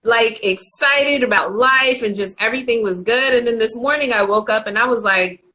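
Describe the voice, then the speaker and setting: A woman's voice: on the high side, normal speed, sharp tone, rough recording. A woman hosting a casual live video interview, telling stories earnestly and acting out the voices in them. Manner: earnest storytelling, acts out voices with animation. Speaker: host of a live interview show.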